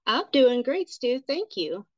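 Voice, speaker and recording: An earnest woman in her forties tells her story as a podcast guest, animated and sincere. Her voice comes through a dull, lo-fi line with a dry sound and no room echo. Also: high voice, slow pace. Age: 40s. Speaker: guest, nurse and writer. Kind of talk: casual interview chat.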